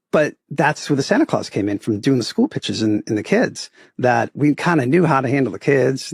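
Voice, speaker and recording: A middle-aged man with a Boston accent, his voice gravelly and a little husky. He tells his stories animatedly, acting out the people in them, and the sound is close and dry. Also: medium pitch, dry recording. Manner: animated storyteller, acts out quoted voices, often adds "right?". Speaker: podcast guest, photography business owner. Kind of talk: casual interview storytelling.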